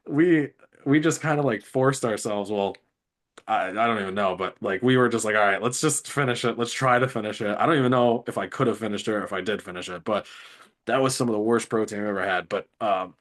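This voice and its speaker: A man with a lowish voice hosts a casual chat. He talks in a relaxed, rambling way, leaning on filler words. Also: brisk. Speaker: podcast host.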